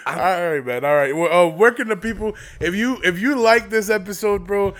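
A man's voice: high voice, moderate pace, fairly bright tone. A man hosting a podcast, talking in a laid-back, profane way and laughing easily. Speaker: podcast host. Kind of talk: casual podcast chat.

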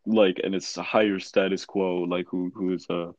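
A teenage student in casual chat who talks bluntly and profanely, stumbling through restarts. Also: male voice, low-pitched, level tone, moderate pace, darkish tone, dry recording. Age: teens. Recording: slightly dull lo-fi sound.

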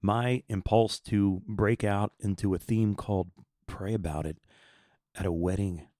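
Middle-aged man, 50s, low voice, dry recording; earnest, rambling podcast host who stumbles over repeated words. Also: steady tone, unhurried, mellow, no echo. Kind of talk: personal faith talk.

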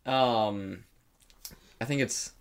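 A young man in casual podcast chat, rambling and laughing as he goes. His pitch sits in the middle of the male range. He drops swear words easily between his fillers. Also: drawn-out words, clean tone. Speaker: podcast co-host.

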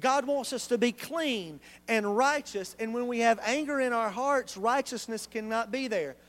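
A male pastor preaches a sermon in church, animated and conversational, full of rhetorical questions. His voice is extremely high-pitched and his pace is moderate.

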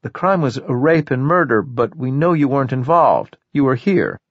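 A man voicing a composed female police detective who speaks calmly and firmly. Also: mid-range voice, moderate pace, dry recording, muffled recording. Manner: calm, firm, controlled.

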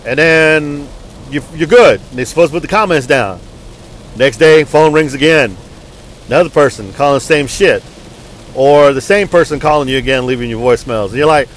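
A man's voice: fairly high pitch, normal speed, poor audio. A man venting angrily in a casual, profane, rambling story.

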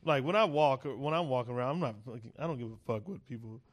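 A comedian guest on a podcast, this man rambles through a story full of swearing, slipping into the voices of the people in it. His voice sits at a middle pitch for a man. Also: fast talker. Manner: profane, rambling, acts out quoted voices.

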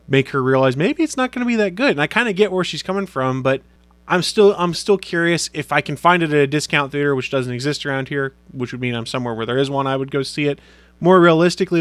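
A man's voice: mid-range voice, fairly bright tone, dry recording. A man co-hosting a podcast in casual chat, telling rambling stories. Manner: rapid, rambling storyteller. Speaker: podcast co-host.

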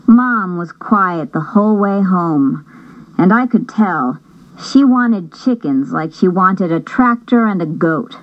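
A woman reading a first-person novel aloud as an audiobook narrator, in a measured storytelling manner. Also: on the low side, animated, muffled recording.

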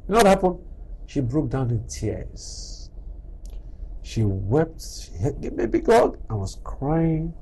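Animated husky man giving a talk. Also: on the high side, a little slow, poor audio. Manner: animated, acts out little dialogues. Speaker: speaker on character. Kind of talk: motivational talk.

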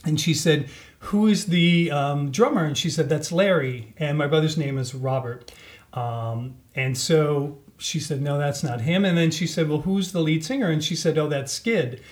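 A man telling a personal story in a relaxed podcast conversation, acting out the voices of the people in it. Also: fairly high pitch, moderate pace. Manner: animated, acts out quoted voices. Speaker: podcast guest. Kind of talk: casual storytelling.

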